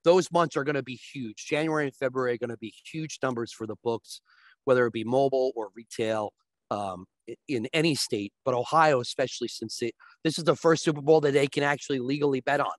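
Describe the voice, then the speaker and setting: A man's voice: mid-range voice, fairly quick, dry recording. Man explaining sports betting, dry sound. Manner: talks in long explanations, frequent restarts. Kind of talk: casual explanatory chat.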